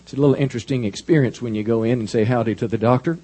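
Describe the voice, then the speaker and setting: A man preaching a sermon in an animated, folksy storytelling manner. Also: mid-range voice, very fast, slightly rough. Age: 50s. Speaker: pastor.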